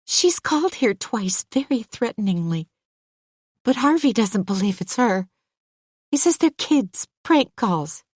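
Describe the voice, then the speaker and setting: A woman's voice: big pitch swings, measured pace, darkish tone, no echo, clean studio sound. A woman voicing an anxious, well-off young mother who talks in agitated, pleading tones. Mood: indignant. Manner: pleading, agitated, pitch rising.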